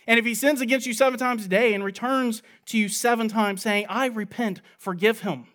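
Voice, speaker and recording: A man with a high voice delivers an earnest sermon, reading passages aloud and then explaining them. He speaks like a preacher leading a Bible study, working through the text one verse at a time. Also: steady tone, brisk, a bit bright.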